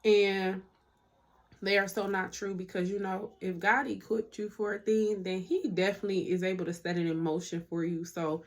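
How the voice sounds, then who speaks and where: A woman's voice: medium pitch, steady tone, normal speed. Young woman, chatty faith vlog to a phone camera at home, emotional at times. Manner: chatty and heartfelt, addresses viewers as y'all. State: emotional, near tears at times. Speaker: vlogger. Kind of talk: casual faith testimony to camera.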